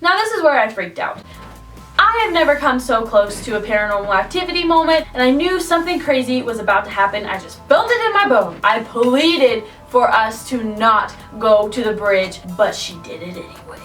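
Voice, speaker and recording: A young woman vlogger telling a scary story from her own life in an animated way, her voice rising at the tense moments. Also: fairly high pitch, moderate pace, distant mic, faint music behind. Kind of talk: storytime vlog.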